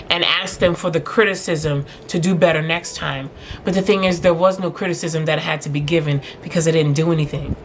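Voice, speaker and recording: Animated young woman telling a story. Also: medium pitch. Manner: animated, laughs while telling. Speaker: vlogger. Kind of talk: casual storytelling to camera.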